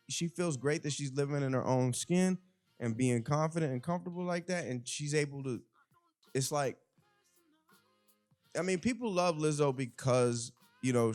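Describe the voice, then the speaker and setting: A man hosting a casual podcast monologue, swinging between loud exclaiming and low muttering, with many restarts. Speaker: podcast host. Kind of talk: casual monologue on current events. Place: home.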